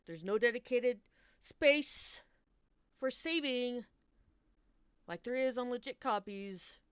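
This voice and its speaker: A young woman chats to her stream in a smooth, resonant voice, rambling animatedly through a story, swearing freely and cutting herself off mid-sentence. The mic sounds dry and a little dull, like lo-fi stream audio. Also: fairly high pitch, slow pace, no room sound. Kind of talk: casual storytelling chat.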